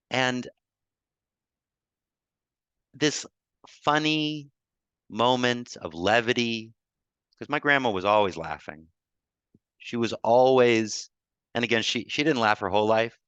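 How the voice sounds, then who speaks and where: A man speaking on a video call, telling a personal story in a group talk, emotional and halting, with a tearful edge and many restarts. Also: medium pitch, a bit bright, smooth, no echo, lo-fi sound. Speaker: guest speaker on grief.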